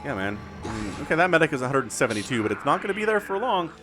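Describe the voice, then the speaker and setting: A man doing solo play-by-play commentary on a strategy game, excitable and talking straight to viewers and players. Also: mid-range voice, very fast. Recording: music bed playing under the voice.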